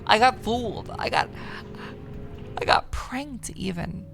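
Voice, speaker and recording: A woman's voice: a little high, lively intonation, takes it slowly, creaky, a bit bright, soft background music. A young woman streaming a game, reading its text aloud and joking about it in a sardonic way, sometimes slipping into mock announcer voices.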